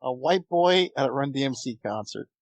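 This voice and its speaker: A man's voice: medium pitch, lively intonation, moderate pace, dry recording. A man co-hosting a casual podcast review, dropping wry, dry quips. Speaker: podcast co-host.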